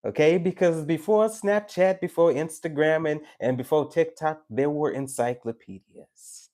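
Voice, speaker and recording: A man's voice: fairly high pitch, unhurried. A man giving a tarot live stream, talking casually and animatedly to his chat, preachy and joking. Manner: animated, preachy and joking, with teasing asides to viewers.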